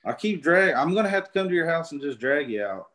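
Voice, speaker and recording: A man's voice: fairly high pitch, big pitch swings, fast, fairly bright tone. A laid-back man with a Missouri drawl talks as a podcast guest. His manner is easygoing and open, and he chuckles often between answers. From Northern Missouri, US. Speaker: guest archer. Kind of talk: casual podcast interview.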